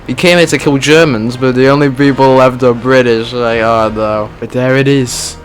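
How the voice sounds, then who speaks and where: A man's voice: mid-range voice, steady tone, moderate pace, soft background music. A man giving casual, joking gameplay commentary in a slangy way, calling people "dude". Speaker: gaming video creator.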